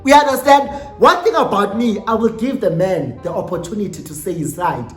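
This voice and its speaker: High, lively South African young man. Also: a little fast. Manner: animated, dramatic, sassy storytelling with swearing. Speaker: vlogger. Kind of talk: storytime vlog. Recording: roomy echo with faint music.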